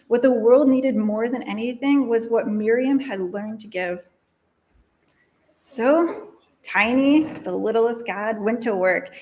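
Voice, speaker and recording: A woman telling a story for all ages during a worship service, slow and gentle with repeated refrains. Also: fairly high pitch.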